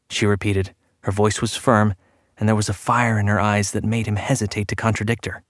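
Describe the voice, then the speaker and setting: A man narrates a story with a measured, steady delivery and a somewhat low voice. The recording is close and dry, with no echo at all. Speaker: audiobook narrator. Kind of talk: scripted narration.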